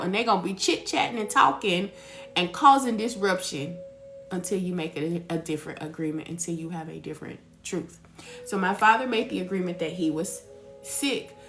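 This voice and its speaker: A woman giving a casual spiritual talk as a reader, telling stories in an animated way and calling her listeners baby. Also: mid-range voice.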